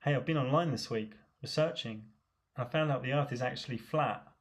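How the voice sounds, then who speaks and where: A man doing a chummy pub mate, higher and louder. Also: brisk, close to an everyday voice. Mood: cheery. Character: chummy male pub regular, globe believer.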